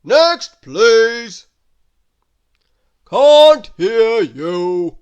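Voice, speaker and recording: A woman reading aloud, voicing a loud shopkeeper who shouts every word, drawn out and booming. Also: sing-song, very slow, smooth, highs cut off, full character voice. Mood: bellowing. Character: loud bellowing shopkeeper man.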